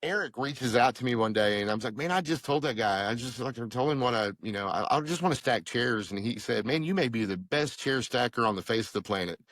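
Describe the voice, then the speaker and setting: A man's voice: quick pace, few pauses, no room sound. A middle-aged man, telling his faith story earnestly as a podcast guest and acting out the dialogue he recalls. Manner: earnest storytelling, acting out quoted dialogue with lively pitch jumps. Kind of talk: personal testimony in conversation.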